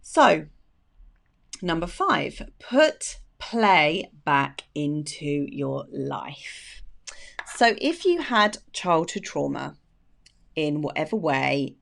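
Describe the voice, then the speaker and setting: A woman's voice: low-pitched, big pitch swings, extremely slow, creaky. A woman therapist talking to viewers in a chatty, enthusiastic way, with many fillers and the odd laugh. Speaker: therapist and video host. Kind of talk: casual advice talk to viewers.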